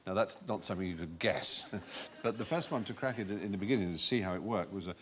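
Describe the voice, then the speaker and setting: Male panel-show host with a lively, sing-song delivery and faint background noise. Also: fairly low pitch, fast. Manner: lively, wordy, playfully pompous. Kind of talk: panel show banter and explanation. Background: studio audience laughter.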